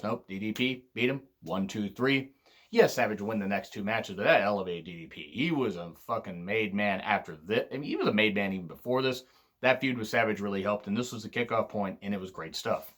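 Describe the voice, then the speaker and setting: A tired man hosting a casual wrestling countdown, rambling, swearing freely and often clearing his throat. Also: fairly low pitch, a little fast, fairly bright tone. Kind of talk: casual spoken countdown commentary.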